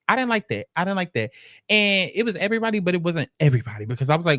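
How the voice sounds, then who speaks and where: Brief: young man, New York accent, sassy profane recap host, slightly high voice, dry close sound. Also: rapid-fire, dry recording. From the Bronx, New York. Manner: sassy, animated, profane storytelling with mock quotes. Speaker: commentary host. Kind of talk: reality show recap commentary.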